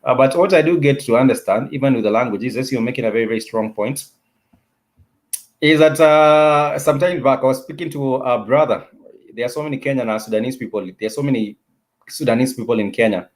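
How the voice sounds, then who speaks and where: A man hosting an online language class, chatting casually with viewers in a halting way, restarting his sentences often. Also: mid-range voice. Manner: hesitant, halting speech with many restarts.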